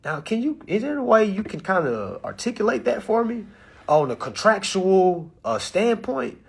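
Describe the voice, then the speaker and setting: A man giving a casual live-stream lecture, animated and full of rhetorical questions. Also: sits high, moderate pace, creaky, husky. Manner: animated, rhetorical questions, acts out phone calls. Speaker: live-stream presenter teaching contract tactics.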